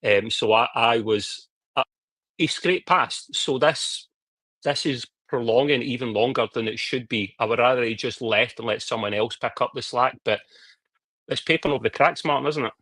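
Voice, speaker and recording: A man's voice: mid-range voice, moderate pace, a bit bright, no room sound. A Scottish man with a Scottish accent, co-hosting a football podcast in a blunt, joking way with Scots slang. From Scotland. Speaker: podcast co-host. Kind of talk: casual football podcast chat.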